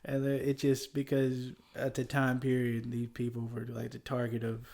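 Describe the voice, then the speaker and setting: A man with a Southern US accent, talking loosely and chuckling often as he hosts a history podcast. His voice is mellow and dark, and his pitch is middling for a man. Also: completely flat delivery, moderate pace. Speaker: podcast host. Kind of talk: casual history podcast chat.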